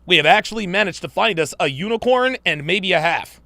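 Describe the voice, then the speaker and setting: A man's voice: sits high, sing-song, fast talker, creaky, few pauses, pushed and bright, no echo. A man hosting a live-stream commentary show, talking in a profane, emphatic and preachy way. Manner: mocks women in put-on voices.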